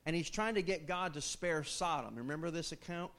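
A man preaching a sermon in an animated, conversational way, posing questions to his listeners. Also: on the high side, fairly quick.

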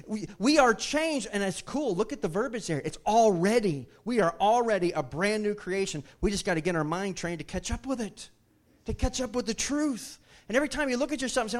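A man's voice: high voice, animated, fairly quick. A male pastor preaching a sermon emphatically, repeating his phrases and putting questions to the congregation.

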